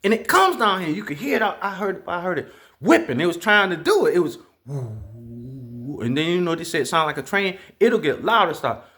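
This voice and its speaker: Brief: a man with a slightly high voice, telling stories straight to camera, loose, profane and animated. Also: fast talker. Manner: profane, animated, with sound effects. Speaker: vlogger. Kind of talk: casual storytelling monologue.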